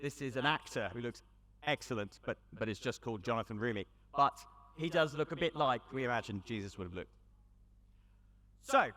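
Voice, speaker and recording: A man with a British accent giving a storytelling talk to a young audience at an event, conversational with dramatic pauses. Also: mid-range voice, expressive, fairly bright tone. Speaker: youth event speaker. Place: large hall with audience. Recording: long hall reverb.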